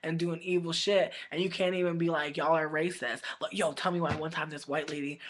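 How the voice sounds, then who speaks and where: A woman's voice: sits low, a little fast. A woman vlogger telling stories in a blunt, profane, casual rant, full of "like" fillers. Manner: profane, blunt, heavy use of filler 'like'; animated, indignant storytelling.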